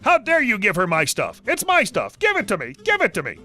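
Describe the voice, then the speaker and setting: A man's voice: sits high, huge pitch swings, brisk, soft background music, exaggerated voice. A man voicing a rude, demanding woman customer who barks orders at a stranger. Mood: bossy. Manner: bossy, yelling orders.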